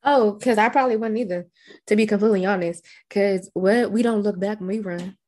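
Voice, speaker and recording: A woman's voice: medium pitch, a little fast, a little mellow. A woman co-hosting a casual horror movie recap podcast, trading blunt, dry quips and laughing often. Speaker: podcast co-host.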